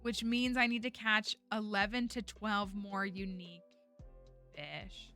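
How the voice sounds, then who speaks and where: Bright-voiced woman streamer, chatty. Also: medium pitch, steady tone, a little slow, faint music behind. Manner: chatty, rambling, many fillers like "like" and "um". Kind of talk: casual gameplay chat.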